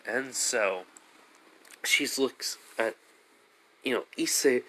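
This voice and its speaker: A man's voice: mid-range voice, takes it slowly, bright, forceful tone. A man casually retelling a fan story, rambling with lots of fillers.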